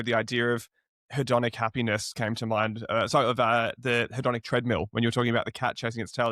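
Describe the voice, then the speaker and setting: A man's voice: mid-range voice, a bit bright, no room sound, studio quality. A young man hosting a podcast interview, asking earnest, reflective questions. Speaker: podcast host.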